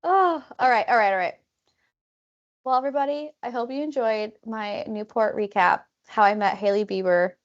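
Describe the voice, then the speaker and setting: A woman co-hosting a podcast, telling a travel story in an animated way, full of "like" fillers and acted-out quotes. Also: a little high, moderate pace, dull audio. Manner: animated, many "like" fillers, acts out quoted people. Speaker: podcast co-host. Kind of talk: casual storytelling chat.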